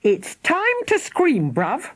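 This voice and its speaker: A woman's voice: a little high, big pitch swings, unhurried, no room sound, voice pushed up. A woman reading an audiobook, voicing a spirited young girl who fusses over her little brother with exclamations and coaxing. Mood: urgent. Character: spirited young girl, bossy big sister. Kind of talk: audiobook character voice.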